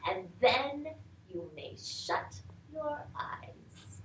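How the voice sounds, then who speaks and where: A high, bright voice swooping widely through each slow phrase: a cheerful, brave middle-aged woman stuck in a mound, chattering on. She lurches from loud outbursts to hushed whispers. It is an echoey live theatre recording with faint room noise. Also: very animated, full character voice. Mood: musing. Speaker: stage actress. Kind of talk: live stage theatre performance. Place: theatre stage.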